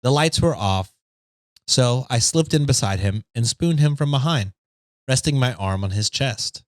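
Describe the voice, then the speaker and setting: A man's voice: mid-range voice, expressive, unhurried, dry recording. A man co-hosting a podcast, reading stories aloud in a casual chat and laughing often.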